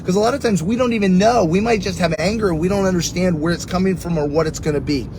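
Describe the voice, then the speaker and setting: A man's voice: fast, vocal fry, few pauses. A middle-aged man teaching earnestly on prayer, preaching in a conversational way and telling personal stories. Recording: steady rumbling background noise.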